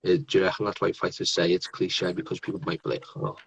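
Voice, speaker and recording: A man's voice: deep voice, completely flat delivery, fast talker, a bit bright, husky, poor audio. A man in his thirties hosting a casual podcast interview, chatty and laughing often. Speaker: podcast host.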